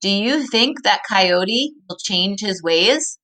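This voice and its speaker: A woman teacher reading a story aloud to children, stopping to ask questions and slowing to stress key words. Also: mid-range voice, animated, sharp tone, poor audio.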